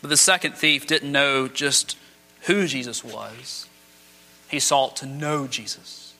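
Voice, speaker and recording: Man, high bright voice, preaching dramatic sermon, acts out quotes, big reverb. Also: slow pace, soft background music. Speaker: pastor. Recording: long hall reverb.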